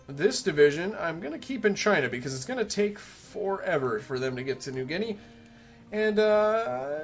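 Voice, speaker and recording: A man casually commenting on a strategy game he is playing, rambling and cracking self-mocking jokes. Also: mid-range voice. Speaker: let's play commentator.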